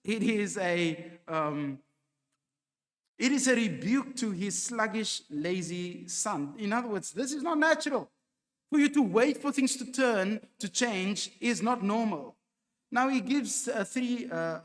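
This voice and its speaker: A man's voice: fairly high pitch, fairly bright tone. A man preaching a sermon in an emphatic, rebuking manner, with many fillers and restarts. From South Africa. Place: church hall. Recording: hall reverb from a church.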